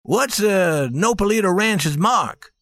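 A man's voice: high voice, lively intonation, slow, fairly bright tone, no echo, clean studio sound, pitched above the performer's own voice, heavily acted. A man voicing a curious old ranch owner, asking questions.

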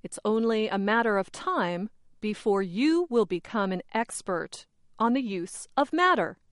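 Slow, carefully spoken woman teacher. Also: medium pitch, expressive, dry recording, studio quality. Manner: measured, carefully enunciated delivery. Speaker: host of an English-learning program. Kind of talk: slow, clearly scripted teaching narration.

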